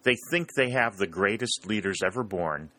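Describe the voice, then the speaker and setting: A man's voice: on the low side, animated, normal speed, sharp tone. A man voicing a weary, matter-of-fact army scout in a storybook reading.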